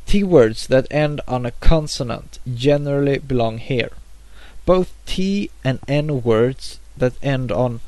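A man teaching a grammar lesson, reading example words slowly with a pause after each one. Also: medium pitch, dark tone, dry recording. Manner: measured, pausing between each example word. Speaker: language teacher.

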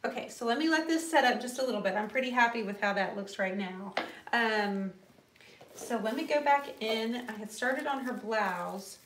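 A woman from the United States hosting a live painting lesson, chatty and laughing often, with quick apologetic asides as she paints. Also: a little high, roomy sound, background noise. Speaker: painting tutorial host.

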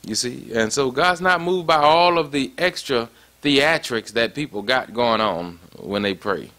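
A man's voice: mid-range voice, lively intonation, measured pace, bright, forceful tone. A man preaching a sermon in a conversational way, often stopping to ask "you see that?". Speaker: pastor.

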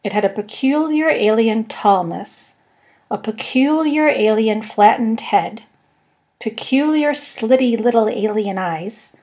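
A woman narrating a comic science fiction novel in a measured, wry storytelling manner. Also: medium pitch, a little mellow. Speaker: podcast narrator. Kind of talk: audiobook reading.

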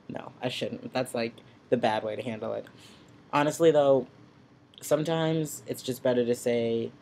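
A man vlogging at home into his computer's built-in mic, sassy, blunt and openly profane. His voice sits at an ordinary pitch with a gravelly fry running through it. A faint hum of room noise stays under his talk. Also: steady tone, moderate pace, warm tone. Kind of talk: casual ranting vlog. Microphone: built-in computer webcam mic.

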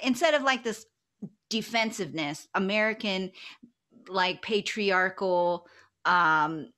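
A woman's voice: mid-range voice, slow pace. A woman co-hosting a book club podcast in casual chat, telling stories animatedly and acting out her own comebacks. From Philippine diaspora. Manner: animated storyteller, acts out her own retorts.

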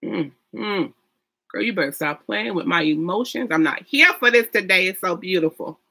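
Bright, gushing young woman vlogger. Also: fairly low pitch, expressive, brisk. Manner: chatty and gushing, with fillers and sung sounds. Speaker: beauty vlogger. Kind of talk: casual get-ready-with-me chat.

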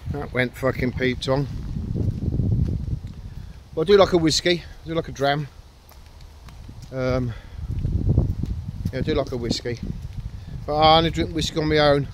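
A man's voice: medium pitch, background noise. A man vlogging outdoors with his dogs, rambling and ranting, heavy with swearing and self-deprecating jokes. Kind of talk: casual rambling vlog.

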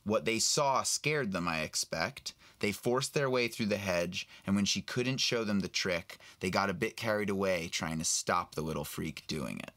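A bitter old wizard, grieving over his family, as a man reads him aloud. The voice is low and bright, with a dry, close sound. He speaks slowly and with measure. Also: no echo. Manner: slow, measured reading aloud.

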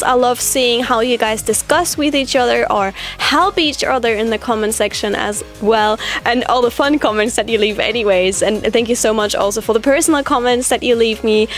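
A woman with a high-pitched voice chatting in a casual vlog. She is bubbly and excitable and breaks into exclamations often. A bit of music plays faintly behind her. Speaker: YouTuber host.

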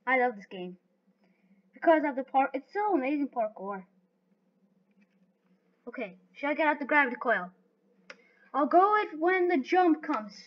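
A woman giving live gameplay commentary, excitable and talking to herself as she plays. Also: high-pitched, moderate pace, long pauses. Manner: excitable, talks to herself while playing. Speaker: gaming video host. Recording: dull lo-fi recording.

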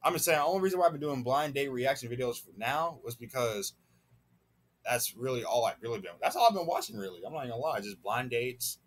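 A man's voice: mid-range voice, animated, quick pace. A man hosting a reaction video, chatting casually and rambling with frequent stutters and laughs.

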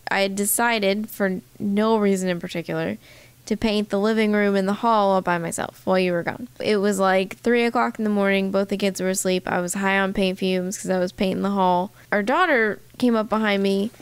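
A woman's voice: medium pitch, clear, resonant tone, no room sound. A woman co-hosting a podcast, telling a rambling personal story in casual chat. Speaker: podcast co-host.

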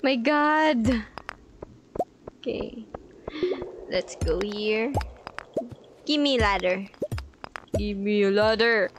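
A woman's voice: mid-range voice, very slow, long pauses, noisy background. A woman casually commenting on her own gameplay, playfully chatting at the enemies and giggling often. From Philippines. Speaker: gaming channel host. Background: background music.

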